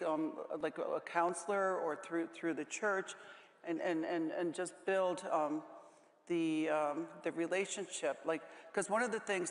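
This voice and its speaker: Woman panel guest, close to tears, halting delivery, recorded in an echoey conference hall. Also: fairly low pitch. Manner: halting, with many restarts. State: holding back tears. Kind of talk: emotional panel talk. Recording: echoey hall with long reverb.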